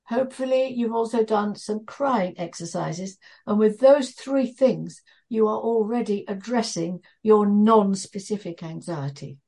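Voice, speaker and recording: A woman's voice: medium pitch, a little slow, few pauses, mellow. A woman trainer leading a therapy training session, talking with hesitations and restarts as she explains. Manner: hesitant, restarts, thinking aloud.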